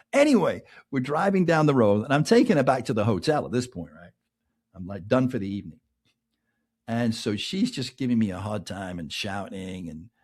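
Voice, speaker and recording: A middle-aged man with an English accent hosting a podcast, telling a long personal anecdote in a lively way and often asking "right?". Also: fairly low pitch, breathy edge. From England. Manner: animated anecdote telling, keeps adding "right?", laughs between lines. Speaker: podcast host. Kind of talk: casual storytelling monologue.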